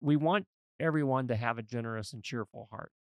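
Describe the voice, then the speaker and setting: This podcast host, a man who works as a financial advisor, speaks a little fast in a creaky, medium-pitched voice over a dry recording. He comes across as folksy, earnest and emphatic in conversational discussion.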